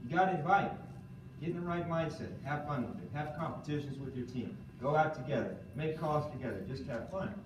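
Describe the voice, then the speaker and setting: A man with a somewhat high voice leads an animated training talk, firing questions at his audience and checking in with "okay?". He sounds far from the microphone, with roomy echo and clear background noise. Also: brisk. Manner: animated, quizzes the audience, keeps asking "okay?". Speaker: seminar speaker. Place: room with a live audience. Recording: echoey room from far off.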